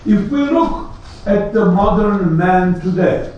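Slow echoey preacher, rhetorical questions. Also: male voice, high-pitched, expressive. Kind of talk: sermon. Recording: echoey hall, distant lo-fi mic.

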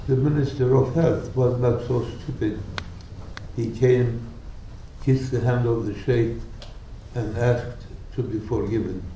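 Slow, deliberate man preaching in an echoey hall. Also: mid-range voice, steady tone, dark tone, a little hiss or hum. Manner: slow, deliberate storytelling with dramatic quoted voices. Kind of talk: sermon storytelling. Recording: echoey hall, speaker far from mic.

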